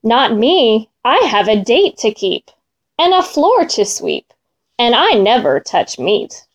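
A lumbering elephant turns down a plea in a children's storybook, as a woman puts it on. The voice is high and slow. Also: sing-song, full character voice. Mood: dismissive. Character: lumbering elephant refusing to help.

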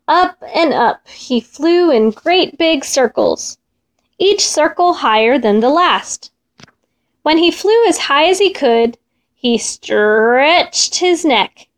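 A woman reads a children's folk tale aloud, gentle and expressive. Her voice is high, and her pace is slow. She draws out repeated words. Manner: gentle, expressive, drawn-out repetitions. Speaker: storyteller.

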